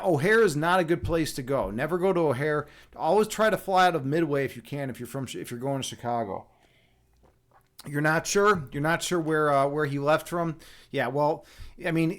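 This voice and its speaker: A man chats casually on a live stream from his home desk, joking and rambling as he goes. His voice sits a bit on the high side, and he often restarts his sentences mid-thought. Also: a bit bright. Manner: rambling and jokey, with frequent restarts. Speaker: livestream host, chess instructor and meditation guide.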